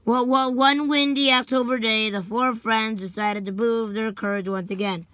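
A young woman reading a children's book aloud slowly, stumbling over names and dropping sarcastic asides. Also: a little high, steady tone, a bit bright, no room sound. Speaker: storybook reader.

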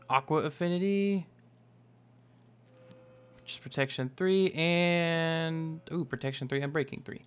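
Young male gaming host, bright chatty commentary, voice sits a little high. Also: smooth. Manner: upbeat, chatty, exclaims often. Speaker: Minecraft let's play host. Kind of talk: casual gameplay commentary.

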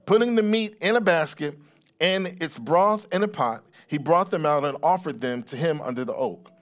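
A middle-aged man preaching a sermon in a somewhat high voice. He reads scripture aloud, then explains it in a loose, conversational way, circling back and repeating words as he goes. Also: moderate pace. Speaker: pastor.

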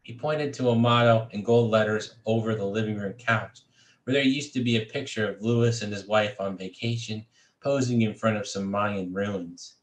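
A man reading his own fiction aloud at a steady, measured pace, now and then restarting a phrase. His voice sits low, and the room gives it a clear echo. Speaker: creative writing faculty reader. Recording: echoey room.

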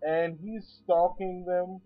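A man's voice: sits high, flat delivery, slow, phone-quality sound, faint music behind. A man giving a chatty, rambling movie review with a sarcastic edge, sitting back from his microphone. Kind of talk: casual spoken movie review.

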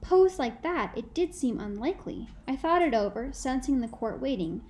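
Woman reading a novel aloud, calm and thoughtful, bit high voice, faint hiss behind. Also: rough recording. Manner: measured, reflective storytelling. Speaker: audiobook narrator. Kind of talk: first-person novel narration.

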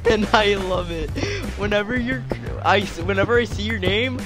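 A man playing a video game with a friend, excitable and prone to giggling. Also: high-pitched, moderate pace. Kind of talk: casual gaming banter. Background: background music.

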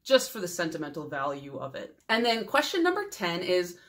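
A young adult woman vlogs about her nail polish collection in a rambling, chatty way full of fillers, adding warm, sentimental stories. Her voice sits on the low side, swings hugely in pitch, and moves fairly quickly.

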